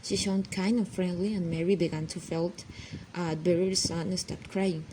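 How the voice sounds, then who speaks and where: A woman reading a children's novel aloud, carefully and haltingly, often restarting words. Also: on the low side, fairly even intonation, dark tone, a little hiss or hum, poor audio. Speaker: reader.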